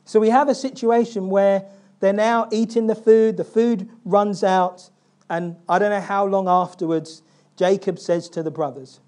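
Male pastor, sermon delivery, mellow tone, lively storytelling that acts out the characters. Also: sits high, unhurried. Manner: animated storytelling, acting out biblical figures' lines; asks the congregation questions.

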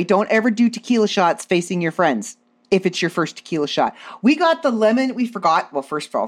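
Animated low-voiced woman telling stories. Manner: animated, self-deprecating, laughs often. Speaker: podcast host. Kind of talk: casual comedic storytelling.

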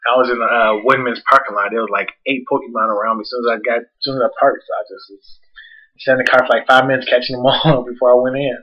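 A man's voice: mid-range voice, fairly even intonation, fast, dull audio. Blunt, profane man ranting casually. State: congested. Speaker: podcast host. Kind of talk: casual podcast chat.

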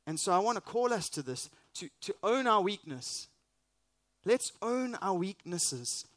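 A man's voice: high voice, sing-song, measured pace, a bit bright, dry recording. A man preaching a sermon as pastor, earnest and emphatic, with rhetorical questions.

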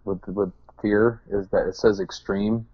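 A man's voice: fairly low pitch, level tone, a little slow, slightly rough, dry recording, muffled recording. A man chatting casually as an interview guest, rambling and joking at his own expense. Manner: rambling, self-deprecating, joking.

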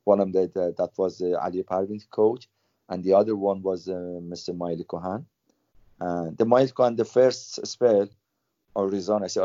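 Low-voiced older man, halting. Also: steady tone, dark tone, no room sound. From Iran. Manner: halting, repeats words, non-native phrasing. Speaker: former footballer, guest. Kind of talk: interview storytelling. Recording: dull lo-fi sound.

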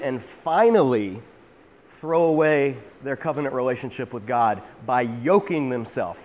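A man's voice: medium pitch, big-room sound. A man teaching a Bible chapter verse by verse in a conversational, emphatic way, often restarting his phrases.

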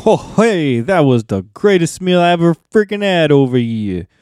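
A guy putting on a loud hammy east coast dude, pitch up high and pushing hard, dry close sound. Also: very animated, moderate pace, smooth, no room sound. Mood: delighted. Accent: attempted East Coast. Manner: boisterous, exaggerated. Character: loud East Coast man praising a meal.

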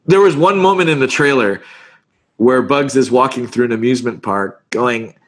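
Animated man, voice actor chatting. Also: medium pitch. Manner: animated, fast, restarts words. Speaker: voice actor guest. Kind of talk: casual interview chat.

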